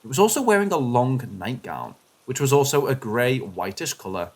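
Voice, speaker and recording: A man giving scripted, expressive narration of first-person paranormal stories, shifting his delivery with the suspense. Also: mid-range voice, moderate pace. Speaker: story narrator.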